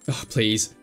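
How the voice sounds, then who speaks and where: A young man casually commenting on a life-sim game, laughing often and yelling at the characters. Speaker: streamer. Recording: faint music behind.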